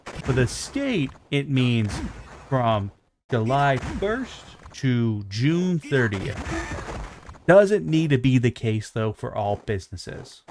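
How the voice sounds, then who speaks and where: A man's voice: medium pitch, a little hiss or hum. Profane ranting male game streamer. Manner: profane, ranting, self-mocking. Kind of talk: casual gaming stream chat.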